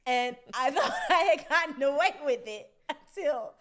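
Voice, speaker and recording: Young woman, high voice, podcast co-host, casual storytelling, acts out voices. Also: normal speed. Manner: animated, acts out voices in her stories, laughs often.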